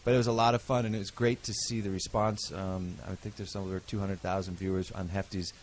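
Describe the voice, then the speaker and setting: Brief: middle-aged male guest, lowish voice, animated, laughs a lot, light background hiss. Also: quick pace. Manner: animated storyteller, laughs often. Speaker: guest, actor and model. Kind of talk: casual interview chat.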